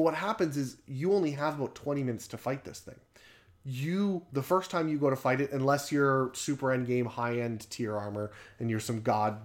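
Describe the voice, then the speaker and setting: Guy cohosting a podcast, chatty and animated, laughs a lot, swears casually. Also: mid-range voice. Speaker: podcast co-host. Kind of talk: casual chat.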